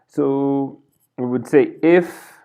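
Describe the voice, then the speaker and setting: A man's voice: medium pitch, drawn-out words, mellow, clear, resonant tone. A man teaching a coding tutorial over a screen recording, thinking aloud as he types and correcting himself along the way. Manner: thinks aloud while typing, self-correcting. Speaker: programming tutor.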